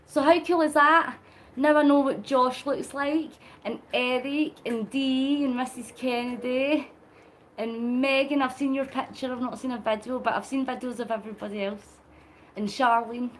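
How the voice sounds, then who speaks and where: A woman's voice: sits high, fairly even intonation, moderate pace, a little hiss or hum. A woman hosting a late-night live stream, chatting with viewers and answering their comments while she cycles. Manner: talking while cycling on a long charity ride. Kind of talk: casual live-stream chat.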